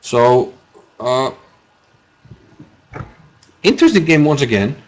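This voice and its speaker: A man's voice: medium pitch, sing-song, slow. Man, casual rambling chess commentary, mid-range voice, chatty with viewers. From Iceland. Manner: rambling, chatty, answers chat, laughs often. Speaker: chess streamer commentating a live game.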